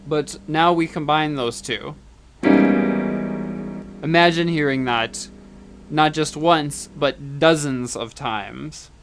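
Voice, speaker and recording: A man delivers a university music lecture in a fairly high voice, speaking slowly and pausing often. He explains things step by step, counting out beats and humming rhythms along the way. His delivery is full of fillers and restarts.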